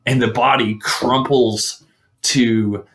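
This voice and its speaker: A man's voice: mid-range voice, fairly even intonation, slow pace, fairly bright tone. A man casually retelling an old legend, rambling with fillers and restarts.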